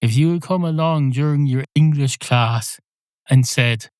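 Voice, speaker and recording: An Irish podcast host rambles through a comic monologue at a medium pitch, scolding an imagined listener in mock outrage. The voice is close and dry. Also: male voice, unhurried, a little mellow, clear, resonant tone, dry recording. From Ireland.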